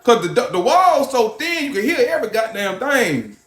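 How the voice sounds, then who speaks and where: Animated, cursing man telling a story live. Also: very high-pitched, moderate pace, soft background music. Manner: animated, profane storytelling, shouting when worked up; thanks viewers for gifts. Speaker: livestreamer. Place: a hot room. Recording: roomy echo.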